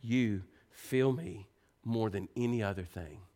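Preacher man delivering a sermon. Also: a little slow. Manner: animated, rising to high excited pitch when telling stories.

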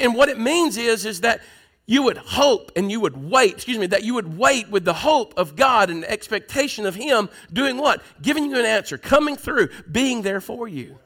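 A middle-aged man preaching a sermon, asking the congregation questions and swinging between loud, pressing lines and soft ones. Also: very high-pitched. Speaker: pastor.

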